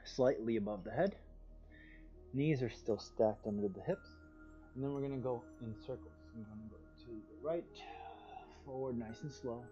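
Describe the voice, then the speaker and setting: A man teaching a guided yoga class over a livestream, with calm, soothing, drawn-out cues and sighs of relief. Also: mid-range voice, dull audio, faint music behind.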